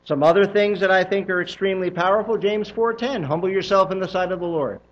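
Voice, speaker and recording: A male pastor preaching a sermon in a church, emphatic and animated, with joking asides to the congregation. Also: high-pitched, fast, highs cut off. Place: church sanctuary.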